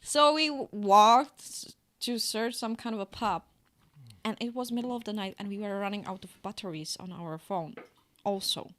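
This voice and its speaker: A woman co-hosting a podcast, telling a story in casual chat with a lively manner and frequent laughter. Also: mid-range voice, normal speed. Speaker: podcast co-host.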